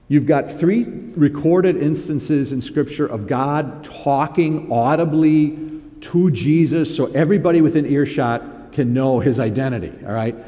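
Animated preacher in a reverberant hall. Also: male voice. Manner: animated, rising loud and high when reading scripture. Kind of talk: sermon.

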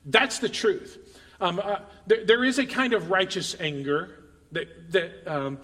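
Male pastor, chatty sermon style, stumbles and repeats, high voice, echoing sanctuary. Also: a little slow, a bit bright. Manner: conversational, repeats words, addresses congregation directly. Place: church sanctuary.

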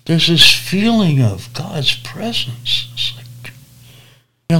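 A man preacher telling a personal story in a lively, animated way, acting out the voices of people in it. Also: fairly high pitch, slight background noise. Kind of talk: storytelling testimony.

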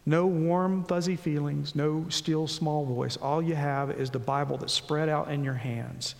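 A man preaching a sermon, reading scripture slowly and earnestly, dropping low and soft between rising pleas. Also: vocal fry, in a large hall. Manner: earnest, slows and rises on scripture, drops low and soft on pauses.

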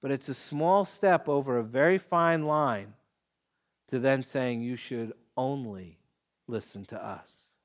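A man preaching an expository sermon in a measured, emphatic way, leaning on pointed pauses. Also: mid-range voice, highs cut off.

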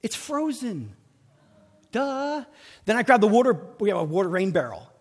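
A man preaching in a big hall with a long, ringing reverb. His voice sits high and swings widely in pitch as he tells a story with animated energy, acting out each person in it. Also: normal speed. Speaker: pastor.

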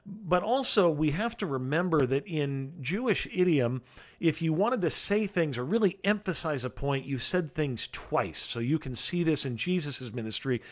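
A man preaching a sermon in an earnest way, slowing down to stress the scripture he reads aloud. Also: fairly high pitch, lively intonation. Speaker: pastor.

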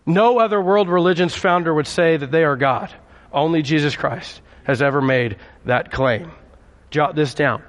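A man's voice: on the high side, moderate pace, big-room sound. A male pastor preaching a conversational sermon and calling on his congregation for responses. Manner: conversational, calls for audience response.

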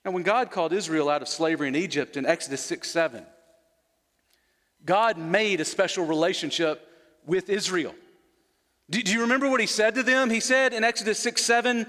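Male preacher, higher voice, earnest expository sermon, long hall reverb. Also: brisk, fairly bright tone. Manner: earnest, repeats words when emphasizing, asks listeners questions.

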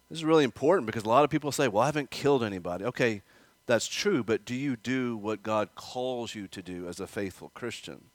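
A man preaches a conversational sermon, now and then putting questions to the children and the congregation. His voice sits at a middle pitch. The sound is dry and close, with little trace of the room. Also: dry recording. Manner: acts out quoted voices with rising emphasis. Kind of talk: expository sermon. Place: church.

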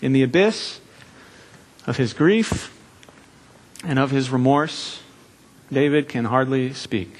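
A man preaching in a church, earnest and deliberate, letting his phrases land with measured pauses. His voice sits at an ordinary middle pitch for a man. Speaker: pastor. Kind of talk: sermon.

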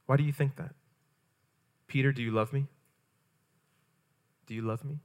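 A man's voice: medium pitch, fairly even intonation, normal speed. A man, a pastor, preaching a sermon in a conversational way, full of rhetorical questions.

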